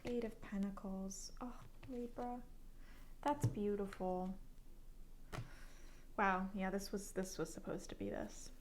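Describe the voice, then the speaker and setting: A woman's voice: medium pitch, fairly even intonation, takes it slowly, long pauses, slight background noise. Female tarot reader, solo reading, musing delivery, near-whispered asides, frequent fillers. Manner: many fillers and restarts.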